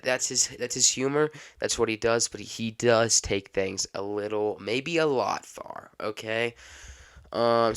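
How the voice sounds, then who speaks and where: A young man hosting a casual solo podcast, rambling off the cuff and stopping now and then to cough and clear his throat. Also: fairly low pitch, a bit bright. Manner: rambling, unscripted, self-interrupting. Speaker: podcast host.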